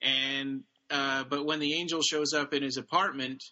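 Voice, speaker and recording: A man with a very bright, forceful voice chats casually on a podcast. He retells a story loosely, leaning on fillers and restarting sentences. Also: mid-range voice, level tone, moderate pace, highs cut off. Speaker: podcast co-host. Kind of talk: casual chat about books.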